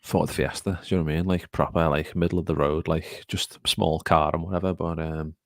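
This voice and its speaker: A man with a very low, gravelly voice co-hosts a live football podcast, rambling casually and reading out viewer comments. His sound is close and dry. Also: flat delivery, a little fast, dry recording. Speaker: podcast co-host.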